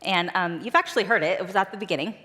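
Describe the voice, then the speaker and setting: An earnest woman shares personal stories from a church stage, talking plainly and directly to the crowd. Her voice sits at an ordinary middle pitch. A long reverb trails each phrase as it fills the big auditorium. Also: very fast, bright, forceful tone. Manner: earnest, conversational. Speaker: speaker at a church event. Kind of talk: personal storytelling talk.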